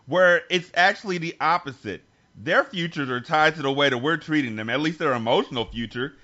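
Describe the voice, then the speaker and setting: A man's voice: on the high side, fairly quick, sharp tone. Earnest man on a lo-fi podcast. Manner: earnest, reflective, with many restarts. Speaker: podcast co-host. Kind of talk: candid conversational talk.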